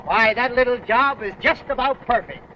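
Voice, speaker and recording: An actor playing a brash, fast-talking used car dealer in a 1930s comedy film. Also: male voice, extremely high pitch, sharp tone. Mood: brisk. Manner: brash salesman patter. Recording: dull 1930s film soundtrack, faint hiss.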